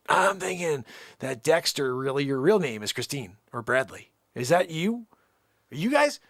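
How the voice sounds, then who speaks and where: A young man hosts a livestream and does a rambling, mock-indignant phone bit. His voice sits high with a gravelly edge and swings widely in pitch. The sound is dry and close. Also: sing-song, unhurried, a bit bright, no room sound. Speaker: livestream host. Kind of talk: improvised one-sided phone call skit.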